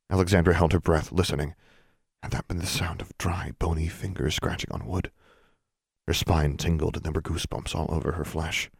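A man narrating an audiobook in an even, measured storytelling manner that hushes for suspense. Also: very deep voice, vocal fry, breathy edge, no echo, studio quality. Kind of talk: scripted narration.

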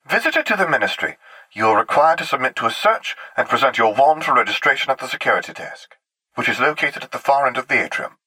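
A man's voice: mid-range voice, very animated, fast, pushed and bright, slightly rough, no echo, pitched above the performer's own voice, full character voice. A man puts on a prim female announcer reading rules. The tone is formal and bureaucratic, raised above his own voice. The sound is close and dry.

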